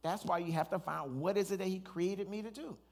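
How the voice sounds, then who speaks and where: Man, pastor, sermon, animated storytelling, quick delivery, slightly higher voice. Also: creaky. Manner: animated storytelling, many restarts and asides.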